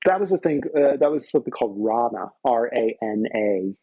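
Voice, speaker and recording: A man's voice: medium pitch, expressive, brisk, breathy edge, no room sound, highs cut off. A man and guest musician telling loose, profane anecdotes in casual conversation on a close microphone. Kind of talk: casual storytelling.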